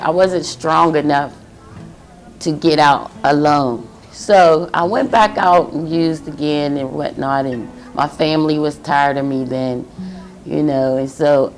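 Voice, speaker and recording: A middle-aged woman giving an emotional personal testimony, halting and pausing often. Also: sits low, a little hiss or hum. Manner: emotional, halting, with many pauses. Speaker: testimony speaker.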